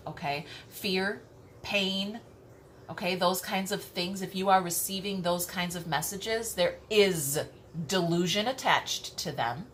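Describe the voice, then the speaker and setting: A woman with a somewhat low voice teaches about spiritual messages in an emphatic, repetitive way. She checks in with her listeners often and swears casually. Faint background noise sits under her voice. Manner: emphatic, repeats herself, frequent "okay?" check-ins, swears casually. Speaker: tarot reader.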